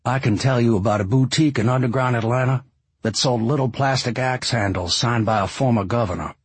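A man's voice: mid-range voice, brisk, husky, dry recording, voice pushed up, close to an everyday voice. Man doing a bitter, swearing ex-bus driver. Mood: ranting. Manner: angry, sarcastic, swearing. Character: bitter, foul-mouthed Southern male ex-bus driver.

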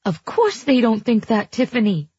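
A woman reading a shrill, anxious mother. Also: big pitch swings, normal speed, mellow, breathy edge, no echo, highs cut off. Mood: reassuring. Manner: shrill, unconvincing.

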